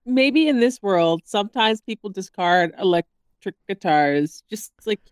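A woman co-hosting a podcast in casual chat, animated and quick to laugh. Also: medium pitch, dry recording. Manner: chatty, animated, laughs often. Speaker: podcast co-host.

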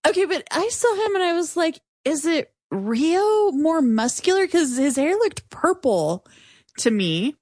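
A woman's voice: high-pitched, very animated, unhurried, darkish tone, no echo, studio quality. A woman chiming in on a podcast with bubbly, musing remarks. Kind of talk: casual chat.

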